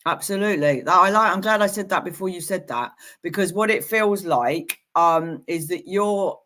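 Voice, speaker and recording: A woman working as a psychic medium, giving live-streamed readings to viewers in a gentle, reassuring way with playful asides. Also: on the low side, normal speed.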